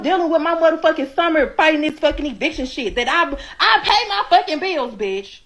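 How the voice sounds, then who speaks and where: A woman's voice: high voice, animated, fairly quick, hardly any pauses, a bit bright. A woman in her twenties ranting angrily about her eviction, swearing and repeating herself for emphasis. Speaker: tenant telling her eviction story. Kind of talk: angry profane rant. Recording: echoey room with faint noise.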